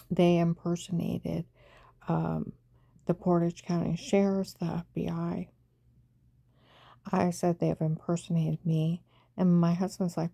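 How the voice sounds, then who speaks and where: A woman's voice: lowish voice, gravelly, dark tone, no echo. A woman telling a long, rambling story to camera, dropping now and then into whispered asides. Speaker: vlogger recounting events. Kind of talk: rambling monologue.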